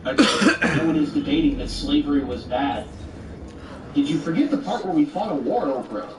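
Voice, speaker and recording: A man rants back at a video in a sarcastic, exasperated tone, his voice sitting a little high for a man. He sounds set back from the mic in a roomy space, with a faint hiss of noise underneath. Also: lively intonation, moderate pace, far from the mic. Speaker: commentator rebutting a video. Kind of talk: argumentative commentary.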